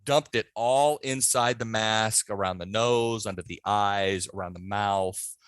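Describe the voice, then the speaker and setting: A man in a casual podcast interview, telling a backstage prank story with animated delivery and acting out the other people's voices. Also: fairly low pitch, measured pace, smooth, dry recording. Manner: animated, acts out voices in his stories. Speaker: podcast guest, haunt scare actor.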